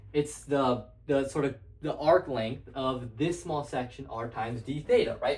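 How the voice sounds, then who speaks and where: A young man teaching math at a whiteboard in a loose, rambling way, full of fillers and restarts. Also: mid-range voice. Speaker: math tutor. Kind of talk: casual whiteboard lesson. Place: room with a whiteboard. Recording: echoey room.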